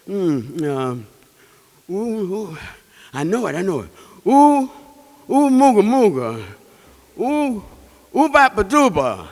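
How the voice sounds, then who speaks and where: A man voicing a boastful, fast male cheetah who talks with excitable energy in a folktale. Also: fairly high pitch, long reverb tail, pitched below the performer's own voice, full character voice. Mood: excited.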